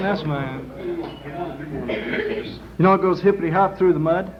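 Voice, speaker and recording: A man's voice: on the high side, brisk, pauses often, soft background music. A man telling a long, rambling joke on a club stage, casual and drawling, with lots of filler words, on a muffled 1960s live recording. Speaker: performer telling jokes on stage.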